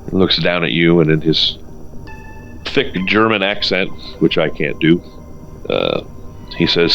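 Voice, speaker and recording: A man narrating a tabletop game as its game master, in a relaxed and halting way with fillers. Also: sits low, gravelly, dull audio, faint music behind.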